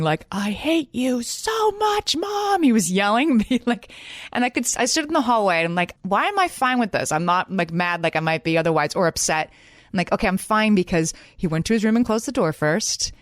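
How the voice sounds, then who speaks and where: A woman in her forties with a lowish voice co-hosts a casual parenting podcast, sharing candid, self-deprecating stories about her kids. The sound is studio quality, with no echo.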